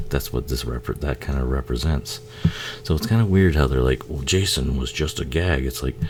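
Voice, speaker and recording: A man giving a casual, profane movie commentary, laughing often and acting out the characters in quick asides. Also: very deep voice, a little mellow, a little hiss or hum.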